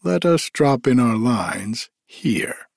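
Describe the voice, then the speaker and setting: A man's voice: mid-range voice, sing-song, slow, creaky, dry recording, studio quality, heavily acted. A man voicing a bold, cheerful male god who teases his companion in a storybook reading. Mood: teasing. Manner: cheerful and teasing.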